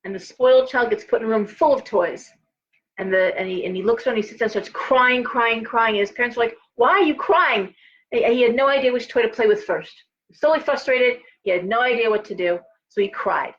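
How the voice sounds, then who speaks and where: A middle-aged woman with a fairly high voice hosts a live tarot reading, speaking fairly quickly. She's chatty and rambling, full of restarts and asides as she circles back over her points. She sounds tired, and the stream audio is dull and lo-fi.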